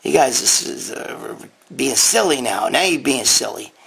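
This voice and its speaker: A man's voice: medium pitch, animated, a little slow, gravelly, fairly bright tone, husky. A man hosting a casual live Q&A from his dining room, talking bluntly and profanely into a handheld phone. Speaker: host.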